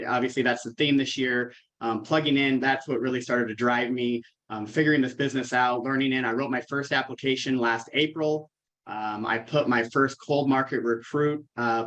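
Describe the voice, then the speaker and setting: A man telling his own career story on a team call, halting and with many ums. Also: medium pitch, a bit bright.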